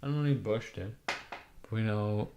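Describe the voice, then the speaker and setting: A young man with a raspy, hoarse voice from being sick, rambling irreverently on a live stream with lots of fillers. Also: on the low side, a little slow, a little mellow, a little hiss or hum. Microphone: webcam mic.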